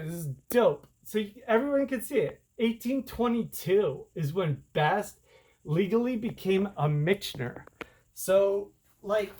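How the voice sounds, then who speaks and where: A man rambling excitedly in a casual monologue, slangy, his voice jumping up when he feels wronged. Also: high-pitched. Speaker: self-published author and vlogger.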